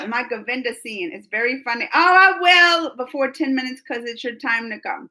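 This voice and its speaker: Bright high-voiced woman, coughing. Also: lively intonation, moderate pace. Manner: chatty, laughs often, talks to viewers by name. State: coughing, throat catching. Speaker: livestream host. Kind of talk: casual chat reading viewer comments.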